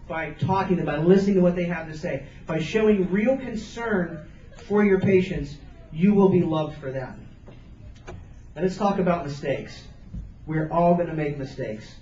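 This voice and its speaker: A man with a high voice gives an earnest motivational speech, hammering his points home through repetition. He sounds distant and roomy, picked up by a camcorder out in the audience, with a dull, muffled tone and faint hiss. A lecture room carries his voice. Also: dark tone. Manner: earnest, emphatic, repeats phrases for stress. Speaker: motivational speaker.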